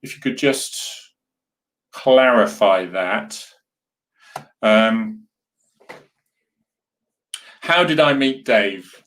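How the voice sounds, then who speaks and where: Earnest, rambling man, low voice. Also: animated, extremely slow, pauses often, fairly bright tone. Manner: rambling, earnest, with many restarts and asides to viewers. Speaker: host. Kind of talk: casual live chat reading viewer comments.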